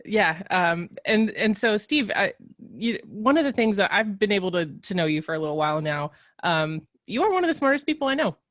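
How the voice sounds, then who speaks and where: A woman from Texas hosts a webinar with bubbly, chatty energy. Her voice is mid-pitched and sounds dry and close. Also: sing-song, brisk, fairly bright tone, no room sound. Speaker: webinar host. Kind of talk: casual webinar hosting.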